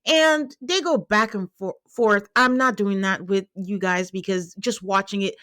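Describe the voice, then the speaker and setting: A woman's voice: medium pitch, unhurried, no room sound, clean studio sound. A woman hosting a podcast, recapping a reality show in casual chat, laughing and acting out what people said. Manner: animated, laughing, acting out quotes. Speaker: podcast host.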